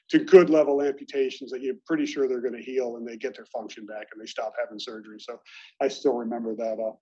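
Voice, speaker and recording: A man's voice: mid-range voice, darkish tone, breathy edge. A middle-aged man from Baltimore telling self-deprecating stories as a speaker at an alumni meeting, in a conversational way. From Baltimore, United States. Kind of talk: anecdotal speech to colleagues. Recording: dull lo-fi recording.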